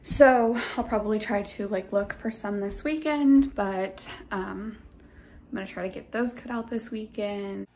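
A woman's voice: medium pitch, a little slow, darkish tone, slight background noise. A young adult woman, a kindergarten teacher, talking in a chatty, conversational way to her vlog audience. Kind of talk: casual vlog chat.

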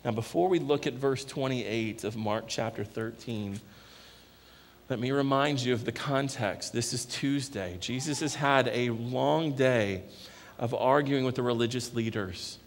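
Gravelly-voiced pastor preaching in a hall. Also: male voice, medium pitch, a little slow, a little hiss or hum. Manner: earnest, repetitive rhetorical questions. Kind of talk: sermon. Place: church sanctuary. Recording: echoey church hall with long reverb.

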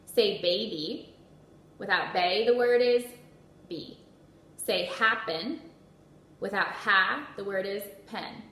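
Woman teacher doing a phonics drill for little kids, bright voice, sounds out each word slow, echoey room. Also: medium pitch. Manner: slow, clearly sounded-out words with encouraging praise. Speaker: first grade teacher. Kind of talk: phonics lesson for young children. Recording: echoey room with faint noise.

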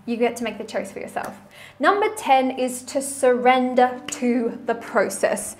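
A woman's voice: on the high side, fairly even intonation, moderate pace, darkish tone. A woman relationship coach talking to camera in a casual vlog, chatty and frank, with mild swearing.

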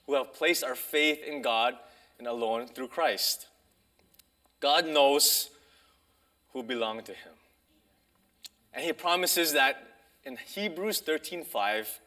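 Male preacher, slightly high bright voice, casual unhurried sermon delivery with pauses and fillers, church setting. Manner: conversational, pausing, restarts with fillers. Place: church sanctuary.

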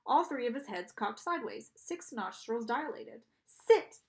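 A woman reading a children's novel aloud in an expressive narrating style. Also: on the high side, moderate pace. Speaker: audiobook reader. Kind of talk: storybook narration.

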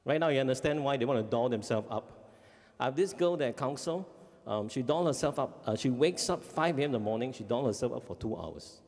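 Animated Singaporean man in a hall. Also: mid-range voice, a little fast. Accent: Singaporean English. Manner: animated, acts out kids' voices, frequent "okay?" checks. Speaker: family life educator. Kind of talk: parenting seminar talk. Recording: long hall reverb.

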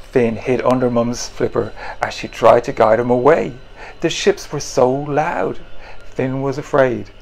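A man, the author, reading his children's picture book in an animated, playful way and making the sound effects himself. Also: medium pitch, a little slow, gravelly.

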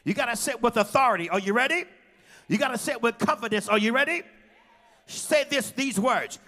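Singsong high-voiced preacher man. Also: lively intonation, a little fast, pushed and bright. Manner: call-and-response preaching, sings phrases. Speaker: pastor. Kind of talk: sermon. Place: large church. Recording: live church stream with music behind.

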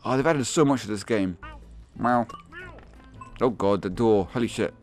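A young man giving excitable, swearing commentary on a game, laughing often and yelping in high squeaks. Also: a little fast, soft background music. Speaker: gaming video host.

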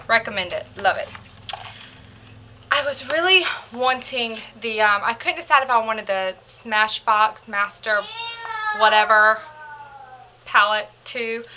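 A young beauty vlogger with a fairly high, bright, forceful voice gushes through a casual makeup haul, rambling with plenty of fillers. She's hurrying and slightly out of breath, and there's a little background noise.

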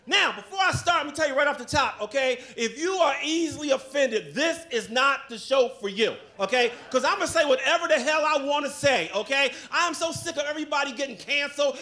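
A man performing a brash stand-up comedy set, loud and often shouting. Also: very high voice, fairly quick, few pauses.

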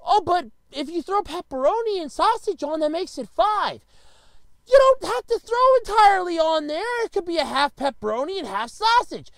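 Animated ranting man, dry sound. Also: extremely high pitch, no room sound. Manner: animated, exclamatory ranting with repetitions. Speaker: vlogger. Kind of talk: comedic rant.

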